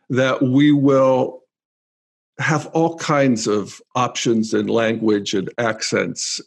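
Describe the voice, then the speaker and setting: A man hosting his own podcast, talking through listener comments in a thoughtful, measured way with pauses. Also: mid-range voice, a little mellow. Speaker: podcast host. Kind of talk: reflective solo podcast monologue.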